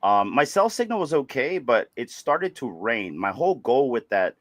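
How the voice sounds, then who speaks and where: A man co-hosting a livestreamed podcast, hoarse from losing his voice, talking in an upbeat, loose way with casual swearing. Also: mid-range voice, very animated, normal speed, a bit bright, no echo. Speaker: podcast co-host.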